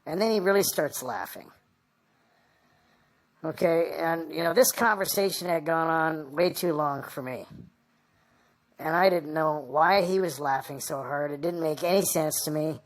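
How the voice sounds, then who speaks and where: A woman being interviewed, recounting a personal story in a halting, rambling way. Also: low voice. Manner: halting and rambling, full of "you know".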